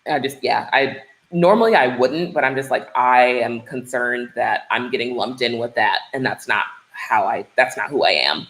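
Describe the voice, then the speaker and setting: A woman's voice: a bass voice, normal speed, a bit bright. A woman teacher from Minnesota, a guest in a casual interview, talking candidly with lots of "like". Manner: candid and conversational, peppered with "like". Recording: roomy echoey room.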